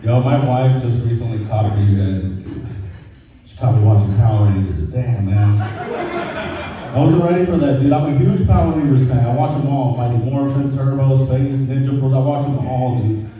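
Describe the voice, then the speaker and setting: A male stand-up comic talks in a loose, conversational way, swearing now and then as he works the crowd. His voice is dark and mellow. It is caught from a distance in a very echoey room. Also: mid-range voice, moderate pace. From Mexican heritage. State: dry mouth. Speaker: stand-up comedian. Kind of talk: stand-up comedy set. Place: brewery comedy stage, echoey room.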